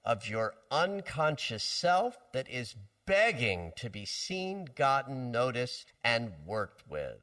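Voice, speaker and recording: A man hosting a talk show and interpreting callers' dreams, expressive and affectionate in manner. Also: mid-range voice, slow pace, few pauses, no room sound, clean studio sound, far from the mic. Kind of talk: radio-style advice talk.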